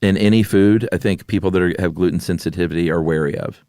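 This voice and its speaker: Easygoing low-voiced man co-hosting. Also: fast talker, darkish tone, no room sound. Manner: easygoing, drawling with fillers. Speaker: podcast co-host. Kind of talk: casual chat.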